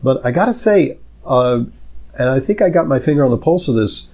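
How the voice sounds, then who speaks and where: A man's voice: mid-range voice, animated, brisk, darkish tone. Middle-aged male doctor, podcast host; casual, anecdotal, filler-heavy, mid-range voice. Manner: rambling, anecdotal, lots of fillers. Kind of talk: medical Q&A podcast chat.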